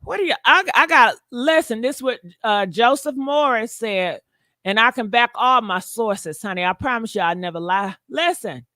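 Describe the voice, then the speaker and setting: A woman's voice: fairly high pitch, expressive, normal speed, bright, forceful tone, no room sound. A woman hosting a gossip channel, chatting dramatically straight to her viewers with lots of exclamations. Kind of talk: casual gossip commentary.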